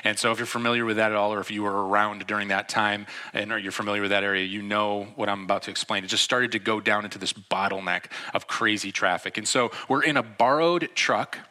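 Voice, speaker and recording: Man preaching, bright voice, chatty storytelling, acts out quotes, church audience. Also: fairly low pitch, fairly even intonation, fast, few pauses. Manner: conversational storytelling with laughs and acted-out quotes. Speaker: pastor. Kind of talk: sermon. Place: church before a live audience.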